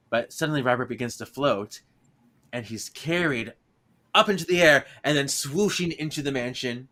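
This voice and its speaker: A man's voice: mid-range voice, normal speed, pushed and bright. A man co-hosting a podcast, casually retelling an episode's plot and laughing often as he goes. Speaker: podcast co-host.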